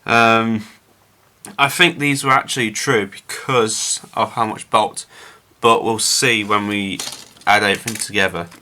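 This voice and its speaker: A man's voice: fairly low pitch, steady tone, measured pace, sharp tone. A man casually narrating his scale model build to viewers, chatty and rambling with frequent filler words.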